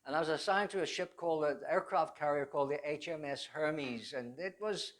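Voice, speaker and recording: An older man with a fairly high voice recounts his life story as a personal testimony. He rambles, stumbles and restarts often, and pokes fun at himself along the way. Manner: rambling, halting with many restarts; self-deprecating humor. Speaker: church speaker giving his testimony.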